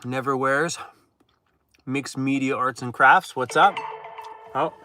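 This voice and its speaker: A man's voice: mid-range voice, fairly even intonation, slow pace, pushed and bright, slight background noise. A man hosting a casual livestream from inside his van, reading out viewer comments, worn out and laid-back, chuckling often and talking while chewing. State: tired, worn out. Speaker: van life vlogger hosting a live chat.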